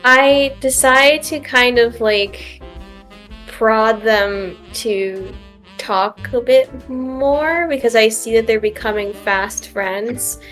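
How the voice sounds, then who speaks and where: A woman's voice: a little high, slow, a bit bright, soft background music. A woman playing a tabletop role-play game, talking in a hesitant, pleading way. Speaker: player.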